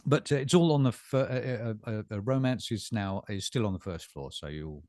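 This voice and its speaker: A middle-aged man co-hosting a casual bookstore chat, talking in halting bursts with lots of fillers and repeated words. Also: on the low side, expressive, a little mellow. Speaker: bookstore staff co-host.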